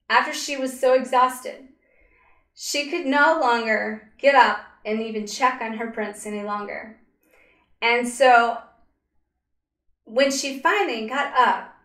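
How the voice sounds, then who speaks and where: Woman telling a slow, dramatic story. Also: fairly high pitch, fairly bright tone. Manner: slow, dramatic, with pauses and fillers. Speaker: spiritual coach. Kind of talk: storytelling narration. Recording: roomy echo.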